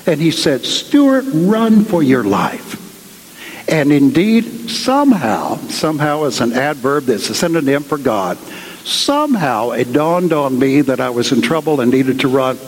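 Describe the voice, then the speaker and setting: A man's voice: medium pitch, sing-song, moderate pace, a little hiss or hum. A man preaching in a large cathedral, retelling a story in a conversational way full of asides. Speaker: guest speaker at a cathedral. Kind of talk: storytelling sermon. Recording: long cathedral reverb.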